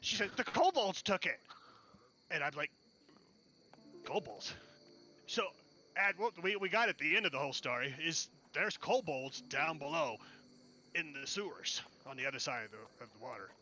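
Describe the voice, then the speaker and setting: A man voicing a desperate, rough-talking male half-orc thief who pleads and swears to strike a deal. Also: a little high, animated, normal speed, pauses often, pushed and bright, a little hiss or hum. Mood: wheedling.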